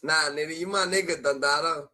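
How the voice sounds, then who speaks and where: A man telling a rowdy street story in casual chat, heavy with slang and cursing, jumping in pitch whenever he acts out other people. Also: fairly quick, low-quality recording. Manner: animated storytelling, acting out quoted voices with jumps in pitch. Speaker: host.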